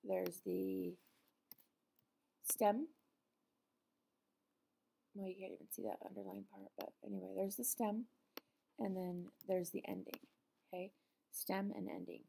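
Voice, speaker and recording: A middle-aged woman teaching a recorded Spanish lesson, explaining patiently with frequent pauses and ums. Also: mid-range voice, flat delivery, creaky, warm tone, slight background noise.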